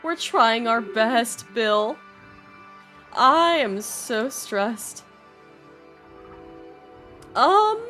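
Young woman streamer for a game playthrough, slow, stressed, swearing, lively pitch, faint game music. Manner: stressed, swears often, laughs, reads game text aloud. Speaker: streamer playing a video game. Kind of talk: casual gameplay commentary.

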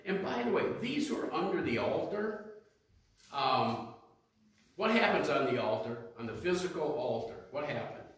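A man's voice: a little high, expressive, normal speed. A male pastor preaching a sermon in a conversational style, questioning the congregation and reading scripture aloud. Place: church sanctuary. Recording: echoey church hall, mic at a distance.

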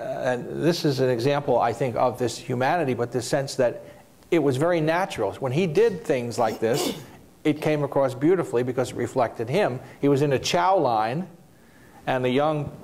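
A man's voice: mid-range voice, darkish tone. A man on a discussion panel, telling a reflective story about a president visiting troops. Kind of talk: anecdotal panel talk.

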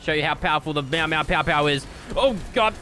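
Young male gamer, jokey and excitable, slightly high voice with a bright edge. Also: fast, faint music behind. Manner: excitable and jokey, with sudden yelps. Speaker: gaming YouTuber. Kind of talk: gameplay commentary.

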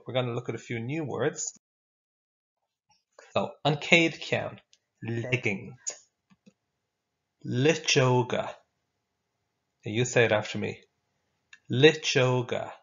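A man's voice: on the low side, gravelly, a bit bright. A man teaching a vocabulary lesson, patiently repeating each word for pupils to echo. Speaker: language teacher. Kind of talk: classroom vocabulary drill. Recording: dull lo-fi recording.

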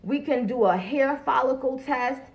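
A woman's voice: high voice, normal speed, muffled recording. A woman chatting bluntly and profanely on a phone livestream, greeting viewers as she talks. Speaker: livestream host. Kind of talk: casual livestream chat. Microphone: phone camera.

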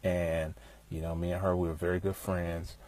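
A man talking outdoors in a relaxed, rambling way, passing on music industry advice full of fillers. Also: low voice, normal speed, a little hiss or hum. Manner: laid-back, rambling, many fillers. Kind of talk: casual storytelling monologue. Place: outdoors, with bees around.

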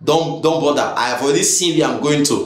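A man with a Nigerian English accent preaching a sermon, emphatic and repetitive, bursting into shouts. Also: fairly high pitch, quick pace, roomy sound.

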